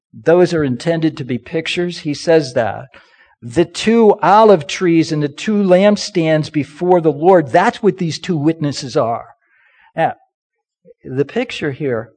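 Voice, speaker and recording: Slow, high-voiced preaching man. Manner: preaching with call-and-response, rising to loud emphatic peaks then dropping low. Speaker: pastor. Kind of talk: sermon.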